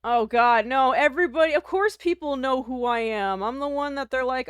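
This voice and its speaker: A woman live-streamer with a slightly high voice talks casually to her chat. She jokes at her own expense, laughs a lot and swears freely. The sound is dry and close, with no room around it. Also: moderate pace, clean tone, no room sound. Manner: self-deprecating, laughs often, swears casually.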